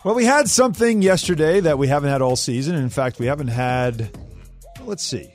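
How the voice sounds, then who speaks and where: Over music, a sports talk radio host speaks at a brisk clip. He's energetic and conversational, his pitch rising and falling throughout.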